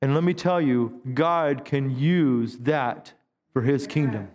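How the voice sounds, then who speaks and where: A man's voice: mid-range voice, takes it slowly, darkish tone, big-room sound, dull audio. A man in his fifties, a pastor preaching a sermon in a conversational way, with stammered restarts. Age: 50s. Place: church sanctuary.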